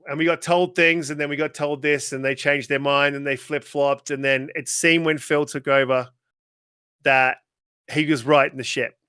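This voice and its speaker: A man guest on a gaming interview show, ranting casually and swearing freely in a worked-up, animated way. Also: on the high side, dry recording, studio quality. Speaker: guest gamer.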